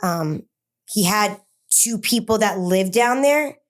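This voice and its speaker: Woman guest telling her story, lots of like and um, restarts, talks in rushed bursts. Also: mid-range voice, animated. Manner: halting, many fillers and restarts. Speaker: interview guest. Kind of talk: personal story told in an interview.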